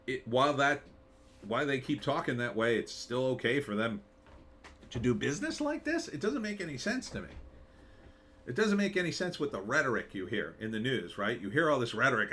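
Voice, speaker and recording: A man's voice: medium pitch, a bit bright. A man hosting a live commentary show, talking in a sarcastic, rambling way with wry asides. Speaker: show host.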